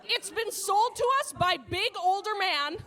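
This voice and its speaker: A woman's voice: extremely high pitch, expressive, measured pace, noisy background. A woman doing a stand-up comedy set on a comedy club stage, brash and profane, laughing at her own jokes.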